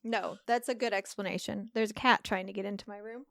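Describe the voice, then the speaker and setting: A woman's voice: medium pitch, fairly even intonation, fairly quick, vocal fry, a bit bright, no echo. Frank young woman podcast co-host. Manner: frank, swears, laughs easily. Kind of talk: casual chat and reading a listener story.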